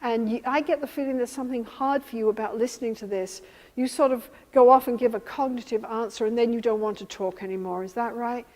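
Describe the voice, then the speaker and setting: A woman's voice: a little high, fairly even intonation, a little fast, a little mellow. A woman therapist giving a workshop lecture, animatedly acting out both partners in a couple's session. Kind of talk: teaching lecture with re-enacted session dialogue. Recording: reverberant hall.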